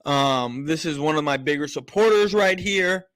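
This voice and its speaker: A man's voice: fairly high pitch, normal speed, a bit bright, no room sound. A man hosting a live-stream sports show, ranting emphatically and repeating himself for effect. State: out of breath. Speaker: sports talk host.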